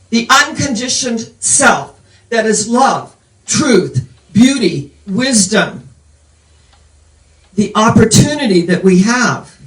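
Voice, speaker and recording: Older woman preacher, distant roomy sound. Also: medium pitch. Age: 70s. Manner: meandering storytelling. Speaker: minister. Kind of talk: sermon.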